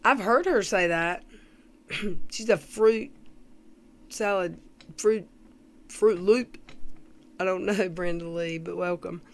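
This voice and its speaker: A woman hosting a casual livestream, rambling through commentary and greeting viewers from the chat, with frequent throat clearing. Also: fairly low pitch, takes it slowly, long pauses. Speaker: livestream host.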